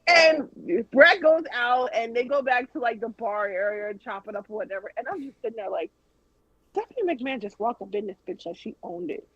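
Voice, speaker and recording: A woman with a husky, slightly raspy voice tells a lively story, swearing freely and mimicking the people she quotes. The sound is dry and dull, like lo-fi stream audio. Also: a little high, brisk, no echo. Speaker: guest. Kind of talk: casual storytelling on a podcast.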